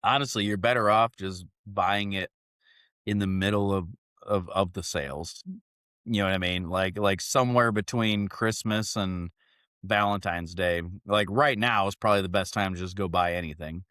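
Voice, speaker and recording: Low-voiced young Midwestern podcast host, dry close recording, profane storyteller. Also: male voice, normal speed, no echo. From Northwest Indiana, Chicago area. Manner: profane, rambling, animated when acting out quotes. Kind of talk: casual podcast chat, storytelling.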